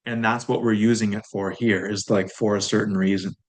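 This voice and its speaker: This lowish male voice belongs to a teacher in a recorded language lesson. He walks through grammar casually and repeats vocabulary slowly so learners can follow.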